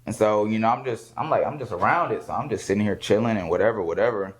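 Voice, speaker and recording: Animated man telling a story. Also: fairly low pitch, quick pace, low-quality recording. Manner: animated, laughs often, acts out quoted voices. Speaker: rapper guest. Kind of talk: casual storytelling.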